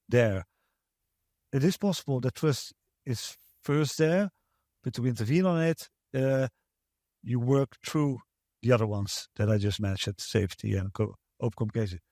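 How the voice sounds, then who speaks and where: A man's voice: mid-range voice, a little slow, a little mellow, dry recording, studio quality. A man, a guest researcher answering interview questions in a hesitant way, with many fillers and restarts.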